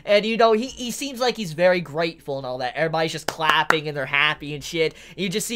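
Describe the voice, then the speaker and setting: A woman breaking down a manga chapter in casual, excitable talk, swearing a lot and laughing often. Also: quick pace, hardly any pauses, background noise. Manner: excitable, profane, laughing, gets loud and shrill when thrilled.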